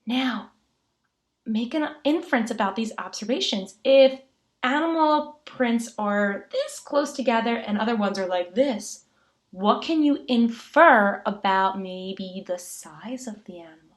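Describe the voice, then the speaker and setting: A woman teacher recording an online lesson for children, animated and full of gasps and rhetorical questions. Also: on the high side, measured pace.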